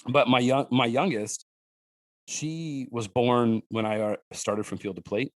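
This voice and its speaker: A man chatting as a podcast guest, telling animated stories with restarts and fillers and acting out his children's lines. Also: a little slow, no room sound. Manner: animated storyteller who acts out his daughters' lines in a higher voice. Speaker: guest, wild game cook and hunter. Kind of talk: casual podcast conversation.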